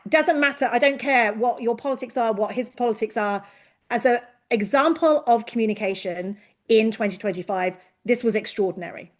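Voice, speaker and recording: A woman giving an expert presentation on a video call, lively and given to acting out quoted voices. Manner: lively, acts out quoted voices with big pitch jumps. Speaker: invited expert speaker. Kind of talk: online presentation to a learning session.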